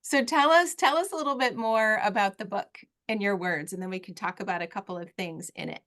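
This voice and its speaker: A woman's voice: medium pitch, a little fast, fairly bright tone. A woman hosting a podcast interview, who affirms and sums up her guest's points in a casual chat. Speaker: podcast host.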